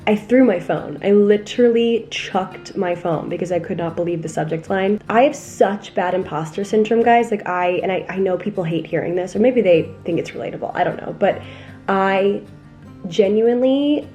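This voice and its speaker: A woman's voice: medium pitch, normal speed, dark tone, soft background music. A young woman vlogging in a casual, candid and self-deprecating way, rambling through her thoughts at home. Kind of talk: casual confessional vlog talk. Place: apartment in the city.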